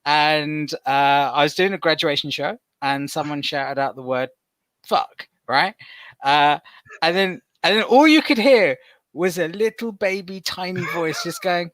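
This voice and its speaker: A man, a comedian, telling animated stories in a casual video-call panel chat. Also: on the high side, unhurried, dry recording. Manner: animated storyteller, playful swearing. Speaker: comedian guest.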